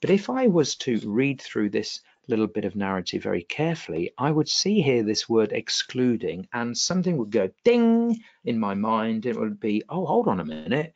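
A man's voice: mid-range voice, normal speed, lo-fi sound. A man teaching an online exam revision webinar, often checking with the class whether things make sense. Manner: animated, questioning the class often. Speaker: exam tutor.

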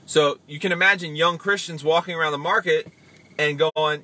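A man hosting a casual podcast about faith, chatting loosely, acting out quick voices and reading comments aloud. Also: fairly high pitch. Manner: animated, acts out voices, reads comments aloud. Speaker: podcast host.

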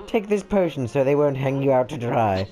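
Give me a wise, fussy old kettle from a cartoon game, put on by a British man. He lectures slowly and fatherly, and his lively voice rises a little above the narrator's own. Faint music sits behind him. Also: mid-range voice, natural voice. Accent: British English.

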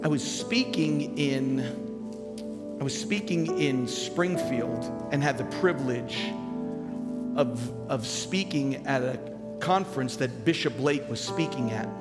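A man's voice: medium pitch, slow. An older man, a pastor, preaching a sermon in a conversational, storytelling way at a live conference, on a stage microphone. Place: large conference hall. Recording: live hall reverb with music behind. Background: music.

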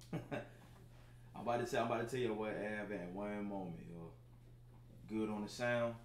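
A man's voice: on the low side, a little slow. A man in his thirties hosting a casual livestream from home, talking loosely to his viewers with lots of filler phrases. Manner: laid-back, talks straight to chat viewers, lots of filler phrases. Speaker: livestream show host. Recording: roomy sound with faint background noise.

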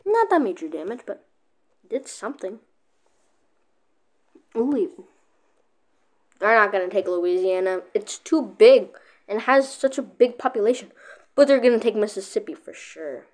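Give me a woman with an average-pitched voice casually commenting on a strategy game, quick to react and cut herself off. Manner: excitable, keeps cutting herself off with "wait". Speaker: gaming video creator.

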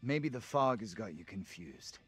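A man voicing a calm, level-headed, reassuring man in a video game. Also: fairly low pitch, unhurried, faint music behind.

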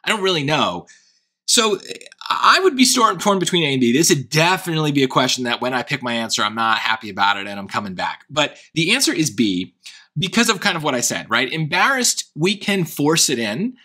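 Man, Long Island accent, tutor, thinking aloud, hesitant, bright tone. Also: on the high side, sing-song, brisk, husky. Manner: hesitant, self-questioning, many restarts. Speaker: SAT tutor. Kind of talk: thinking-aloud test prep lesson.

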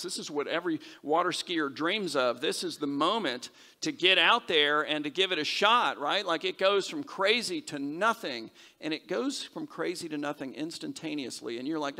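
A man preaching a sermon as pastor, conversational and animated, acting out the voices in his stories. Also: fairly high pitch, measured pace, gravelly. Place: church sanctuary. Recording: long hall reverb.

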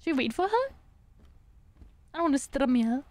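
A playful young woman streamer chats through a game, humming little sound effects. Her voice sits very high and bounces around with lively pitch. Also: normal speed, dry recording. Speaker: VTuber streamer. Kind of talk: live gameplay commentary.

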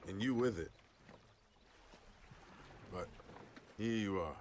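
An actor playing a weathered middle-aged boat captain in a video game, low and gruff, teasing and gently probing. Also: male voice, slow pace, a little hiss or hum. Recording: game audio under loud music.

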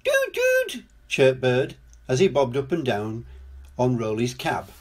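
An older man reading a children's storybook aloud in a gentle, lively storytelling manner. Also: mid-range voice, a little slow.

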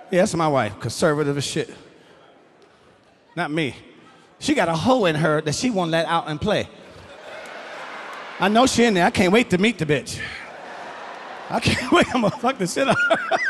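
Male stand-up comedian, middle-aged, high voice, big swings, loud, profane, shouted bits, handheld stage mic. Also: long reverb tail, slight background noise. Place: comedy stage before a live audience.

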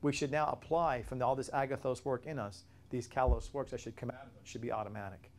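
Animated man teaching a Bible study. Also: fast, a little hiss or hum. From Florida, USA. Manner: animated, conversational, with rhetorical questions and emphatic pitch jumps; repeats and restarts words while thinking.

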